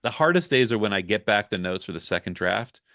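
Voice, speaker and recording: A man with a low voice talks through his work in a relaxed podcast chat. He is candid and reflective. His sound is dry and close, with no room around it. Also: brisk, no room sound. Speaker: ghostwriter guest. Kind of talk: casual podcast conversation.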